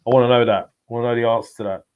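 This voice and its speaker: A man's voice: medium pitch, steady tone, racing, clean tone, narrow, tinny audio. A man co-hosting a casual live-stream chat, teasing his partner and firing off questions. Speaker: co-host.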